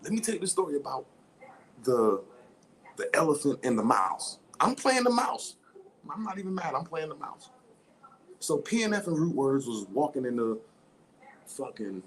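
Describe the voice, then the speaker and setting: A man's voice: mid-range voice, rough recording. A man from the United States hosting a casual chat, telling a story in a profane, rambling way. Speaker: host.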